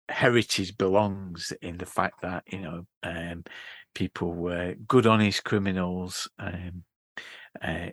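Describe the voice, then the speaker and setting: A man's voice: deep voice, fairly bright tone, no room sound. A man discussing a book on a podcast, thinking aloud with many fillers and restarts. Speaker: podcast co-host.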